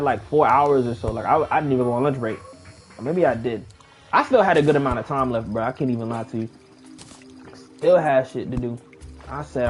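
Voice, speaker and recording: A young man casually telling a long personal story while playing a game, slangy and animated, acting out the people he quotes. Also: fairly high pitch. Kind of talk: casual storytime over gameplay.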